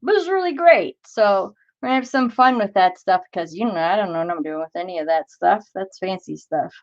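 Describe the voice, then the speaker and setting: A woman in her forties speaks fairly quickly and animatedly at a medium pitch while hosting a crafting livestream. She rambles, reading comments and greeting each viewer by name, over dull-sounding audio.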